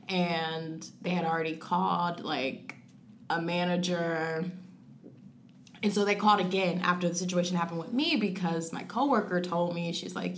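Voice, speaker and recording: Young woman telling a story, slightly low voice. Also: fairly bright tone, a little hiss or hum. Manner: frequent "like" fillers, acts out her own past thoughts in quotes; rushes through phrases, then slows on key words. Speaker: guest sharing a personal story. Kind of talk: casual conversational storytelling.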